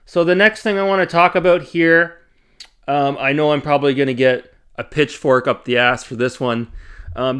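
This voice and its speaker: A man's voice: fairly high pitch, clear, resonant tone. A man hosting his own channel, chatting casually from his home games room with rambling asides and lots of fillers. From Canada. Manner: rambling, many fillers, animated retelling. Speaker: YouTube channel host. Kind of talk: casual vlog chat.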